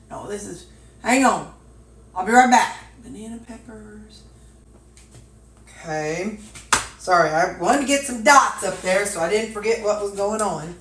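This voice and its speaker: Packing meals in her echoey home kitchen, dishes clattering, an older weight-loss vlogger from Missouri, USA, chats to her viewers. Her mid-range, slightly bright voice is folksy and chatty, with drawling asides as she talks to herself.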